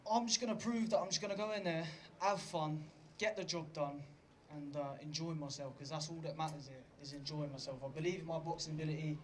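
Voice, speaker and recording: A male boxer giving blunt, determined answers at a fast clip. His voice is slightly high, with faint ambient noise around him. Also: fairly even intonation. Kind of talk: post-weigh-in interview.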